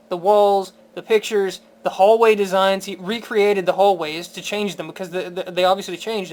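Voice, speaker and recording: A man reviewing a film in a casual spoken rant. He sounds incredulous and profane, with stammering restarts and laughter. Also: high voice.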